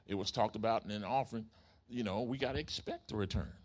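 A man preaching a sermon, telling a story in an animated way and asking his congregation questions. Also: on the low side, quick pace. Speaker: pastor.

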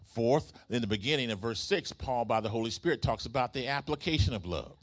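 A man's voice: medium pitch, animated, fairly quick. A man preaching a sermon, using rhythmic repetition and call-and-response with the congregation. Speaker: pastor.

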